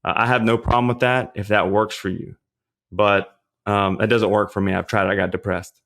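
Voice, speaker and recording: A man, a pastor and fitness trainer, talking as a podcast guest and giving casual nutrition advice in a relaxed, chatty way, often checking in with "you know what I mean?". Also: fairly low pitch, a little fast. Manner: relaxed, chatty, frequent fillers and rhetorical checks.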